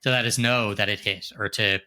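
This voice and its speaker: A man's voice: lowish voice, fairly even intonation, fairly quick, pushed and bright. A middle-aged man co-hosting a podcast, chatting casually about a film and rambling with lots of restarts and casual swearing. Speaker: podcast co-host. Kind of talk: casual film review chat.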